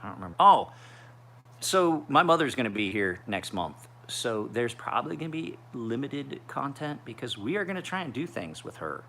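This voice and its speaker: A man's voice: medium pitch, big pitch swings, normal speed, gravelly, bright, forceful tone, slight background noise. A man in his forties rambling through a casual livestream chat as a knife sharpener, with profane storytelling. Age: 40s. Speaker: knife sharpener streaming live.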